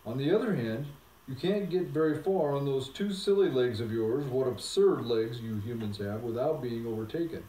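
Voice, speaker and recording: A man voicing a proud, bossy male talking war horse in a storybook reading, speaking in a brisk, lecturing and scornful way. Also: medium pitch, animated, warm tone, close to an everyday voice. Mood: persuasive. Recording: roomy sound from a distant mic.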